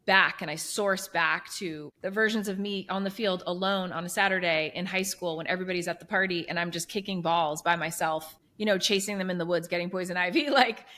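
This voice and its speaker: A woman in her thirties, a business coach, telling her story in an earnest, animated way with many fillers. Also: lowish voice, a little fast, few pauses. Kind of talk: conversational interview storytelling.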